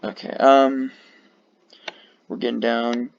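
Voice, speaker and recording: Tired male creator, low gravelly voice, swearing offhand commentary, lo-fi mic. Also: expressive, unhurried, slight background noise. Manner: rambling, profane, many fillers. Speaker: video creator ranking flags. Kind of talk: casual commentary. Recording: dull lo-fi mic.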